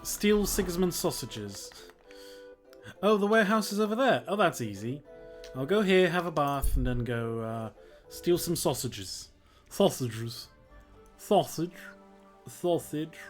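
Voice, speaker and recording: Guy streaming a medieval game, jokey, laughs a lot, slightly high voice, faint game music behind. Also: sing-song, measured pace. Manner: joking, laughing, talks to himself. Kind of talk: casual game commentary.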